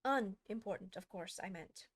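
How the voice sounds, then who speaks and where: A woman's voice: mid-range voice, normal speed, no echo, lightly acted. A woman voicing a fussy, dithering older king in a storybook reading, anxious and blustering, with grave pronouncements.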